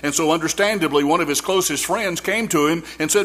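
A man's voice: a little high, fairly quick, hardly any pauses, a bit bright. A man preaching a sermon in a church, telling a folksy story with frequent restarts and repeated words.

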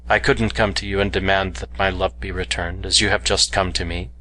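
A man reading the part of a young cave woman in love, speaking softly and quietly, at times in a whisper. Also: deep voice, level tone, fairly quick, slight background noise. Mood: tender. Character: young cave woman, proud, tender and loving.

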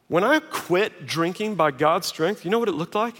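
Male pastor, high-pitched, casual and joking from the pulpit, recorded in a big reverberant auditorium. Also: normal speed. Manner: conversational, self-mocking, animated quoting. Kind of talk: sermon. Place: large auditorium. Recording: long reverb of a large hall.

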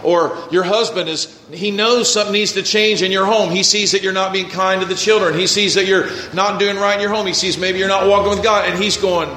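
A man's voice: high-pitched, fairly even intonation, a little fast, hardly any pauses, bright, forceful tone, reverberant, a little hiss or hum. A male pastor preaching a sermon, reading scripture and acting out what people might say.

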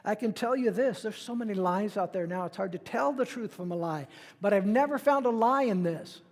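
A man's voice: high-pitched, brisk, long reverb tail. A middle-aged man preaching a sermon in a conversational way, acting out the voices he quotes. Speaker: pastor.

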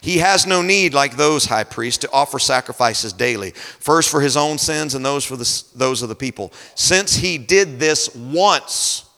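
A man preaching a sermon at a conference, moving between quiet scripture reading and loud, emphatic storytelling. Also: mid-range voice, normal speed, vocal fry, few pauses. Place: large conference hall. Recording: long hall reverb.

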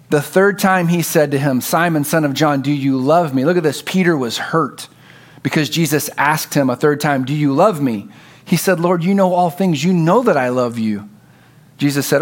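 Man preaching with dramatic hushed drops. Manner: storytelling, acts out dialogue, drops to a low hush for emphasis. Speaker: pastor. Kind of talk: sermon.

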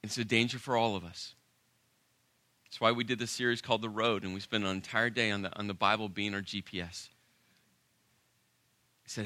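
Male pastor, sermon, emphatic, animated, very bright tone, dry sound. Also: fairly low pitch, no room sound. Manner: emphatic, animated preaching, dramatic pauses.

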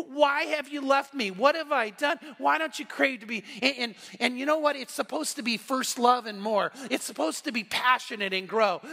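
A man's voice: extremely high pitch, gravelly, pushed and bright. A man in his sixties preaching a passionate sermon, emphatic and repeating phrases for emphasis. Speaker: pastor. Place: church sanctuary. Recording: long hall reverb.

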